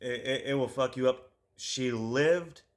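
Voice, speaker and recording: Man, podcast co-host, casual true-crime chat, middle pitch, rambling, swears a lot. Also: unhurried.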